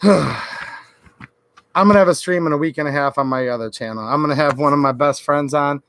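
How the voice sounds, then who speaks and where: A man's voice: on the high side, normal speed, fairly bright tone, no room sound. A man from Michigan ranting sarcastically on a late-night political livestream. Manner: ranting, sarcastic, mocks senators in quoted voices. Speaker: political YouTuber.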